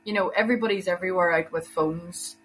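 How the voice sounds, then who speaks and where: A woman chats as a podcast guest, explaining her view in a friendly way. Her voice is somewhat low, with faint music playing underneath. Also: quick pace, a bit bright, poor audio. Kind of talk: casual chat.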